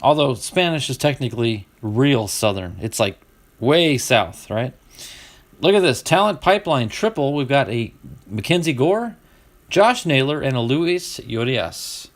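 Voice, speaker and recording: A middle-aged man with a mid-range voice hosts a casual live stream, unhurriedly opening card packs and chatting with viewers. Each card he pulls gets him excited.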